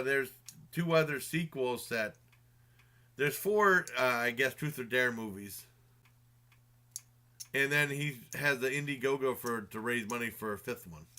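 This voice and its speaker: A man's voice: mid-range voice, bright, forceful tone. A man casually retelling a movie's plot in a review, rambling with many fillers and restarts and chuckling along.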